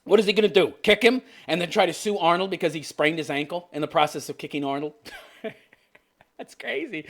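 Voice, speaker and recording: Fifties male commentary host, sarcastic and profane, laughing often, with an animated, swinging pitch. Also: a little fast. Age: 50s. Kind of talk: ranting video commentary.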